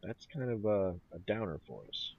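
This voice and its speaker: A man's voice: lowish voice, big pitch swings, normal speed, vocal fry, highs cut off. A man hosting a gaming channel, thinking aloud in casual commentary as he plays a strategy game. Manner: thinking aloud, mumbling and musing. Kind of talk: let's play commentary.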